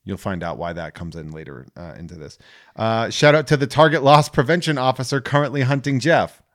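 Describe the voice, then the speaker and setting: A man hosting a podcast in casual chat, joking and rambling through listener shout-outs and stories with many fillers. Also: medium pitch, a little fast. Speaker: podcast host.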